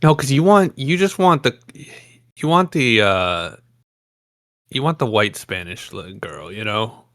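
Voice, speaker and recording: A man's voice: mid-range voice, expressive, a little slow, pauses often, fairly bright tone, no room sound, clean studio sound. A man co-hosting a casual podcast, speaking bluntly and offhandedly and often breaking into laughs.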